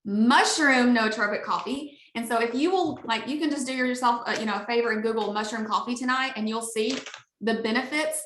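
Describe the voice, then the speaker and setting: A chatty woman with a Southern Alabama twang gushes through a sales pitch on a video call. Her voice sits a little high and rings bright and forceful. The sound carries the echo of a roomy space. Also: a little fast. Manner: upbeat, gushing, chatty. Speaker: network marketing leader.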